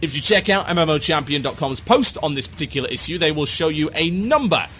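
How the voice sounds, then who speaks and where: A man's voice: on the high side, animated, fast, fairly bright tone, soft background music. Theatrical ranting podcast host, man. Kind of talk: comedic gaming podcast rant.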